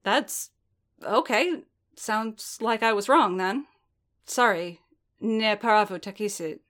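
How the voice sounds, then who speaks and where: A woman reading aloud and voicing a brash young female warrior who talks a little higher and quicker than the narration. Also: fairly bright tone. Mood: sheepish. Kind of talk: fan fiction audiobook reading.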